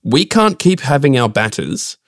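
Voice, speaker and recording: A man's voice: medium pitch, sing-song, moderate pace, no echo, studio quality. A man co-hosting a casual cricket podcast, opinionated and launching into rants. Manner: opinionated, ranting. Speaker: podcast co-host.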